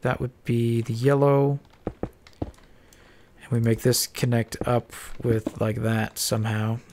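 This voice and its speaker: A Minecraft let's-player with a stuffed-up nose mumbles and thinks aloud while building, giving casual commentary. The voice is medium-pitched and slow, with little pitch movement, over a noisy background.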